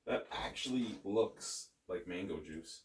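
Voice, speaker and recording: A man with a somewhat low voice talks through a beer tasting in a loose, rambling way, dropping jokes and curse words. He sits a little away from the microphone. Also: animated, slow, a little mellow, roomy sound, far from the mic, slight background noise. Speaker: beer review host. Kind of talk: casual beer review chat.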